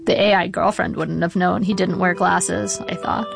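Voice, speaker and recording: A middle-aged woman reading her own memoir aloud in a measured, wry way. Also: lowish voice, fairly even intonation, gravelly, over music. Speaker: narrator.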